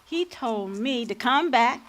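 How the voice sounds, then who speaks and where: A woman's voice: fairly high pitch, lively intonation, a little slow. A woman playing a spirited older freedom fighter on stage. She tells stories in a folksy vernacular, by turns playful and defiant. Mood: patient explaining. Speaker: lead actor. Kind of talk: stage acting.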